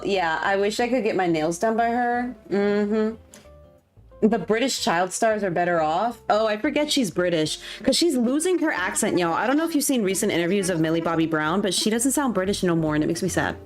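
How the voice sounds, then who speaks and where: A woman, streaming a game and chatting casually, gushing and poking fun at herself. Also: medium pitch. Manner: chatty, gushing, self-mocking. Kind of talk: casual chat while gaming.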